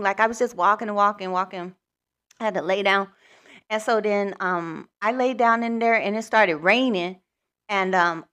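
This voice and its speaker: A woman hosts a spiritual livestream and talks casually to her viewers. Her voice is bright and clear. She rambles candidly, with many fillers and restarts. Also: medium pitch.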